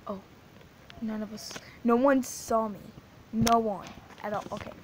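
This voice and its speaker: A woman's voice: fairly high pitch, fairly even intonation, a little slow, background noise. A female gaming channel host giving casual, rambling gaming commentary, giggling and restarting her sentences often.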